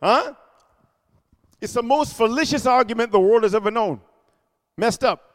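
A man preaching a sermon, animated, with constant call-and-response amens and hallelujahs. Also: very high-pitched, normal speed. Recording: echoey hall.

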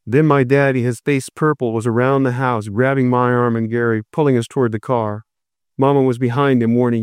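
Smooth, clear male storyteller. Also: medium pitch, fairly quick, no room sound, studio quality. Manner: steady, reflective. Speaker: narrator. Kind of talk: scripted narration.

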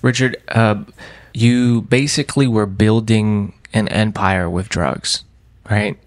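A man interviewing a guest, asking measured, probing questions. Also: on the low side, steady tone, dry recording, studio quality.

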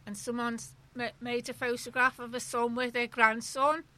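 A woman chatting casually in a group, frank and quick to agree. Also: on the high side, little pitch movement, sharp tone.

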